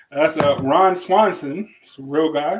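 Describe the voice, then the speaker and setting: Chatty podcast host, slightly high voice. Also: male voice, background noise. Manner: loose, repeats phrases, lots of fillers. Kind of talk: casual chat.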